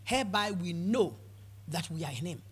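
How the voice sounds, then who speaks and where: Woman preacher, husky voice, emphatic sermon delivery, repeats words for stress. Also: on the low side, expressive, normal speed. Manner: emphatic, repeats words, call-and-response amens.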